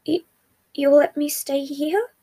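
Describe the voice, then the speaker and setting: A frightened, fragile young man speaks timidly, as a woman reads him. The voice is slightly high with a gravelly fry, from a fan fiction reading. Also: steady tone, moderate pace, darkish tone. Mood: fearful. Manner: timid, mumbling.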